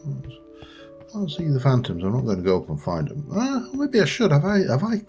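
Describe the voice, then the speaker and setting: A man's voice: mid-range voice, very animated, normal speed, creaky, warm tone. A man giving casual, meandering let's play commentary and talking to the creatures in his game as he plays. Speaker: gaming channel host. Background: faint background music.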